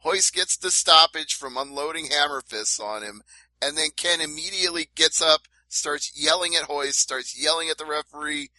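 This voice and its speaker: A man's voice: on the high side, moderate pace, sharp tone, no echo, poor audio. A man co-hosting a casual fight-sports podcast, laying out events step by step with emphasis. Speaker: podcast co-host. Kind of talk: casual MMA talk.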